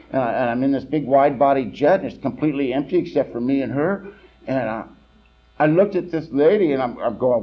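A man's voice: mid-range voice, fairly quick. Man from California, meeting speaker, rambling candid testimony, wry humor, muffled lo-fi sound.

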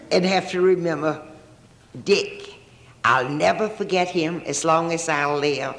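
A woman's voice: low-pitched, fairly bright tone, echoey room, slight background noise. An older woman, telling her own story at a recovery meeting with wry, self-mocking humor. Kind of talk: personal storytelling talk.

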